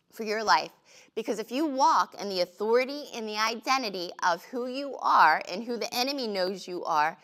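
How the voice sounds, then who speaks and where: A woman's voice: mid-range voice, bright, forceful tone. A middle-aged woman teaching a morning devotional in a chatty, storytelling way with touches of humor.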